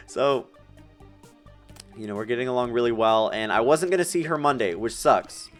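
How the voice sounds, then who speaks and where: A man's voice: medium pitch, normal speed, soft background music. An eighteen-year-old man telling a long personal story in a rambling, emotional way, with filler words and restarts. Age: young adult. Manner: rambling, emotional, tearing up with nervous laughs. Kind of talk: casual storytelling while gaming.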